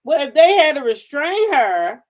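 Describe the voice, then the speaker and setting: A woman's voice: high voice, sing-song, measured pace, muffled recording. A woman hosting a casual commentary show, sassy and emphatic, often repeating herself. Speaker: host.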